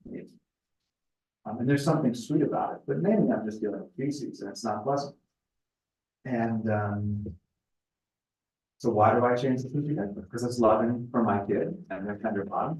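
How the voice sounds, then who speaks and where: A middle-aged man speaking at a spiritual retreat in a conversational, thoughtful way, often pausing with fillers. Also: lowish voice. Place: retreat house meeting room. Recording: echoey room, voice picked up from a distance.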